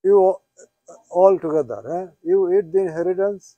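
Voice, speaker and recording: A man's voice: high-pitched, brisk, warm tone, no room sound, dull audio. A man teaching Quranic Arabic grammar in a classroom lesson, explaining patiently and repeating terms with questioning tags. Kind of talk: classroom lesson, mixing English and Bengali.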